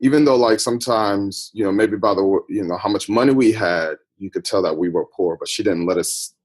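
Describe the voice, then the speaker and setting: A man's voice: lowish voice, a little fast, slightly rough. A man from the United States, a podcast guest, recounting his life story in a reflective, personal way. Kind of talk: interview storytelling.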